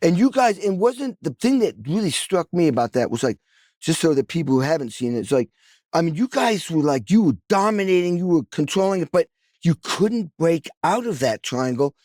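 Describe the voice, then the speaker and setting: A man's voice: on the high side, very animated, brisk, a little mellow, no room sound, clean studio sound. A man hosting a podcast, a drummer asking enthusiastic, rambling questions in casual interview chat.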